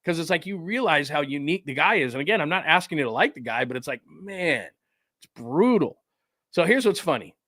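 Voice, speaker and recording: A man's voice: on the high side, animated, fairly quick, bright, forceful tone, no room sound, studio quality. A middle-aged man hosting a casual live sports show from home, rambling and reacting to a game as he watches it.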